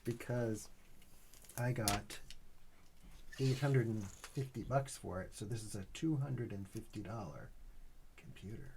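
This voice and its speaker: A man's voice: on the low side, measured pace, pauses often, darkish tone. Middle-aged male vlog host, casual unboxing chat, patient step-by-step explainer with dry humor, faint hiss behind.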